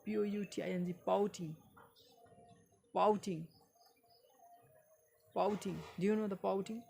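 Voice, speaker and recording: A woman, not a native English speaker, reading a book aloud in a halting way and repeating phrases for learners. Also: medium pitch, fairly even intonation, vocal fry, warm tone, a little hiss or hum.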